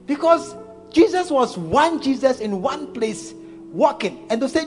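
A man's voice: very high voice, big pitch swings, unhurried, faint music behind. A man preaching a playful, storytelling sermon, laughing as he goes.

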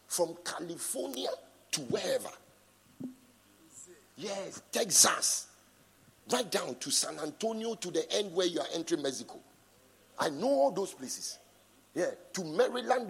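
A middle-aged man preaching a sermon and reading scripture, emphatic, swinging from soft asides to shouts, prompting the congregation to answer. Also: sits high, lively intonation, unhurried, creaky, long pauses, husky. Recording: long reverb in a large hall.

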